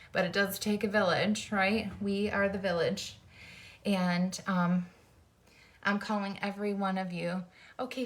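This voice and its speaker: A woman's voice: medium pitch, vocal fry. A middle-aged woman speaks with earnest, fired-up emotion, hosting her own faith-based vlog. She urges listeners on in a heartfelt, personal way, as if talking straight to a friend. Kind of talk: heartfelt encouraging talk. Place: indoors, folding t-shirts.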